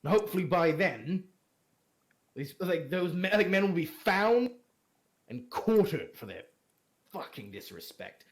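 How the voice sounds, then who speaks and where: A man voicing a gruff older military lord who is blunt, contemptuous and swears freely. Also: high voice, big pitch swings, a little slow, long pauses. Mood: scornful.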